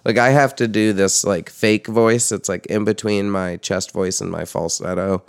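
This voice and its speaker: Deep gravelly-voiced man chatting casually. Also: normal speed, dry recording, studio quality. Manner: animated, swears casually, pitch jumps when quoting himself. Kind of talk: casual chat.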